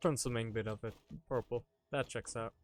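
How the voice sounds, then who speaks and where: A man's voice: medium pitch, steady tone, normal speed. A man chatting casually to his live-stream audience while gaming, rambling, joking and swearing offhandedly.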